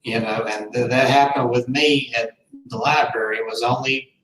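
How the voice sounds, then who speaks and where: A man's voice: medium pitch, steady tone, moderate pace, fairly bright tone, faint music behind. Earnest man telling a story. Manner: rambling, earnest, heartfelt. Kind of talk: casual storytelling. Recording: roomy, distant mic, faint noise.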